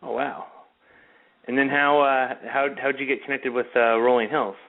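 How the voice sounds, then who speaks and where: A man hosting a radio interview, asking questions haltingly with many fillers. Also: mid-range voice, fairly even intonation. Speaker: radio show host. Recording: narrow phone-like radio sound.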